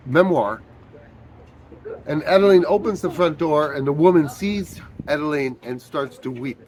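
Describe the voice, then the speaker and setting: A man being interviewed about his one-man show, telling stories in a relaxed, chatty way with plenty of fillers and little acted-out quotes. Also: on the high side, a little slow. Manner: storytelling, acts out quoted voices, frequent fillers. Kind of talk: casual interview chat.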